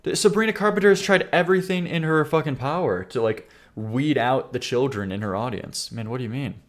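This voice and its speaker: A man's voice: mid-range voice, brisk. A male streamer chats loosely while he reacts to submissions live. He rambles, restarts his sentences and stammers, and laughs often. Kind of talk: casual live-stream chat.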